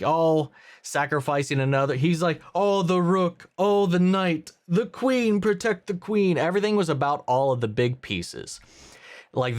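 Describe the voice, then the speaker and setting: A man talks through his reaction to an episode in a casual, profane way. He leans hard on words and keeps saying "man". His voice sits at an ordinary middle pitch. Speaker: show reactor.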